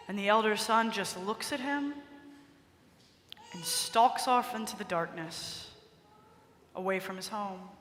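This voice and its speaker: A woman preacher telling a story in a conversational, expressive sermon, recorded in a large cathedral with echoey reverb. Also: mid-range voice, measured pace, long pauses.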